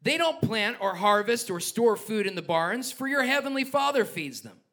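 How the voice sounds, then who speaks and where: A male pastor preaches a passionate sermon, moving between scripture reading and joking asides. His voice sits high for a man. It has a bright, forceful edge. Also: very animated, moderate pace.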